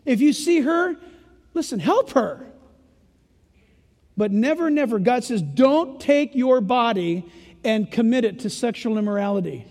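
An older man preaching a sermon in a punchy, folksy way that swings between loud emphasis and hushed asides. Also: very high voice, lively intonation, unhurried. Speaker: pastor. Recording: echoey hall reverb.

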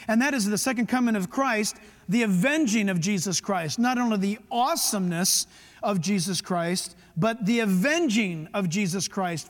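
A middle-aged man preaching a sermon as pastor, emphatic, with quick asides to the congregation. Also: high voice. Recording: long hall reverb.

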